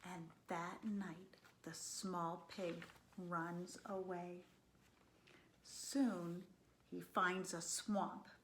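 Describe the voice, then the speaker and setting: A woman reading a children's picture book aloud, slow and expressive, sometimes dropping to a whisper. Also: fairly low pitch, roomy sound, slight background noise. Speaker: storyteller.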